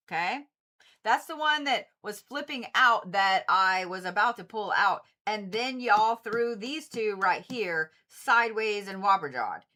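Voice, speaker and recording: Bright-voiced woman reading cards live. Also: medium pitch. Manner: chatty, swears freely, talks straight to viewers. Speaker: Reiki practitioner and tarot reader. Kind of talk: casual livestream card reading.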